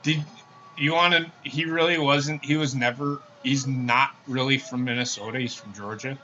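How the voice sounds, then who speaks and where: A man's voice: medium pitch, steady tone, moderate pace, pushed and bright, slight background noise. A man co-hosting a casual wrestling rewatch podcast, laid-back and profane, laughing often. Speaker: podcast co-host. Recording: dull lo-fi podcast audio.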